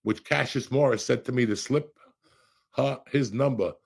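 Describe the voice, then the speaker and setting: Man, middle-aged, gravelly husky voice, loud profane storytelling, podcast host. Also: medium pitch, moderate pace. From Cuba.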